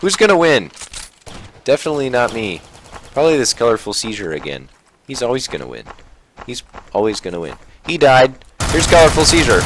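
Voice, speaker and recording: A man gives lively, excitable commentary over his own gameplay. His pitch leaps around as he jumps between loud exclamations and quiet muttering. Faint gunfire from the game sits under his voice. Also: noisy background. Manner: animated, exclaiming and muttering to himself. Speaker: gaming channel host.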